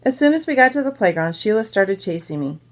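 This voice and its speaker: A woman's voice: mid-range voice, very animated, fast talker. Woman reading a children's book aloud. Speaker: reader.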